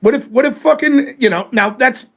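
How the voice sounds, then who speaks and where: A man's voice: very high-pitched, normal speed, gravelly. A man hosting a podcast, talking politics in a casual, profane, argumentative way. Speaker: podcast host.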